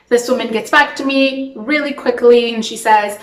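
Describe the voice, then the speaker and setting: A young adult woman from Toronto, telling an acting story in a chatty, expressive way, with lots of "like.". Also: fairly high pitch, fairly quick, hardly any pauses, reverberant, rough recording. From Toronto, Canada. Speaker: actress. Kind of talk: storytime vlog.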